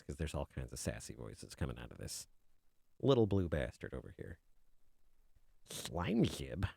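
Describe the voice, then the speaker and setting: A man streaming video games, chatting casually and mocking himself while he mutters at his software. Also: a bass voice, sing-song, moderate pace, creaky, long pauses, breathy edge. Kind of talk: casual game stream chat.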